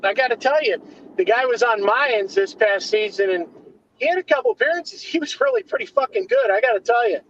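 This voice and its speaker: A man's voice: extremely high pitch, very animated, fairly quick, a bit bright, a little hiss or hum. A man co-hosting a podcast in casual chat, tossing in short dry quips. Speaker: podcast co-host. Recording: dull lo-fi recording.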